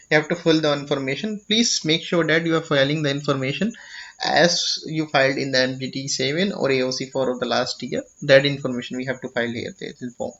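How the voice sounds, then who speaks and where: Higher-voiced Indian man explaining a form. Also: fairly bright tone. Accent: Indian English. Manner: repeats "okay?" to check understanding, with frequent restarts. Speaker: tutorial presenter. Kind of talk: explanatory screen-share tutorial. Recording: dull lo-fi audio.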